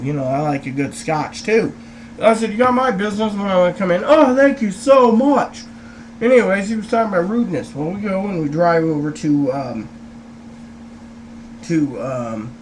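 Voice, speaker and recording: A man's voice: fairly high pitch, slight background noise. A man vlogging in a casual, rambling storytelling way, full of hesitations and fillers, who raises his voice to act out what other people said.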